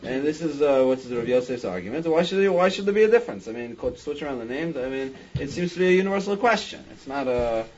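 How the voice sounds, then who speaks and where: A man's voice: fairly high pitch, lively intonation, quick pace, hardly any pauses, darkish tone, highs cut off. A man leading a Talmud study class, thinking aloud with frequent restarts and "I mean". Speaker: Talmud teacher.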